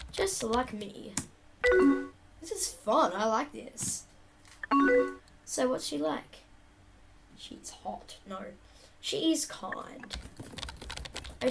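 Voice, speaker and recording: Chatty young woman with vocal fry. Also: a little high. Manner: reads typed chat lines aloud, chatty asides. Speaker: YouTuber playing a chat game. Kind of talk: casual reading and reacting. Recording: loud background music.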